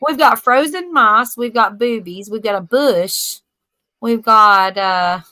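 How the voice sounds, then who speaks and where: A woman in her forties with a drawl hosts a casual live stream, telling rambling stories and laughing often. Her voice is bright and forward, and it sits close and dry with no room around it. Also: on the high side, takes it slowly, no echo, poor audio. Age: 40s. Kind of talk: casual chat.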